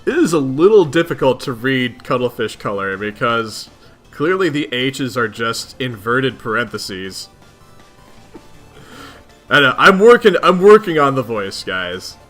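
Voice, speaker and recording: A man's voice: mid-range voice, lively intonation, a little slow, a bit bright, soft background music. A man reading a webcomic aloud, chatting playfully with viewers between lines. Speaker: webcomic reader.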